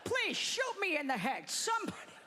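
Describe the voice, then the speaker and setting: A beaten-down old grandfather pleading to be rescued, as a woman acts him out in a comedy routine. The voice is bright and lively, rising in desperate bursts. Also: very high-pitched, normal speed, a little hiss or hum, voice pushed up, heavily acted. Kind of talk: stand-up act-out.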